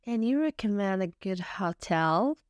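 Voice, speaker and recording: A woman teaching English, reading short everyday phrases one at a time with careful, deliberate enunciation and pauses between them. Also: mid-range voice, lively intonation, a little mellow, clean tone, no room sound. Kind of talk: slow phrase-by-phrase reading for learners.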